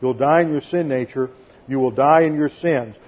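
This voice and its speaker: A man's voice: mid-range voice, moderate pace, muffled recording. A man preaching a methodical expository sermon, explaining Greek grammar and reading scripture aloud. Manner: methodical, explains Greek grammar, occasional sarcastic voicing of quotes. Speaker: pastor. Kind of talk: expository Bible teaching sermon.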